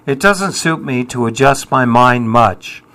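Older man, 70s, musician guest: slow and deliberate, dry, self-mocking, reflective. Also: mid-range voice, expressive, sharp tone. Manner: wry, self-deprecating, dry humour. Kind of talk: reflective interview answers.

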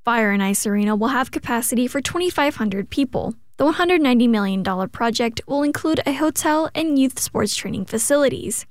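A woman reporting for a radio news station, reading a scripted story in a crisp, even way. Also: on the high side, a little fast, hardly any pauses, no echo, clean studio sound.

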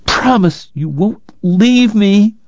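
A man voicing a tearful young woman who pleads and turns bitter, in a raised, higher voice. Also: flat delivery, unhurried, a little mellow, no room sound, dull audio. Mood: pleading.

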